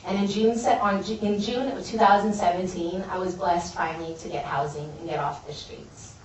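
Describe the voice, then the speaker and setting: A woman's voice: medium pitch, steady tone, moderate pace, darkish tone, a little hiss or hum. A woman gives an earnest, heartfelt personal testimony as a guest speaker at a college event. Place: large building at a college event. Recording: echoey hall from a distance.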